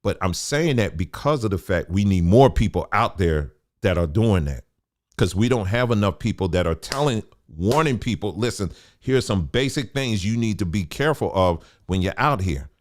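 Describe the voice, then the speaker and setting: A man's voice: fairly low pitch, expressive, moderate pace. A man teaching in a loose, colloquial preaching style, repeating points for emphasis. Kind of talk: informal preaching.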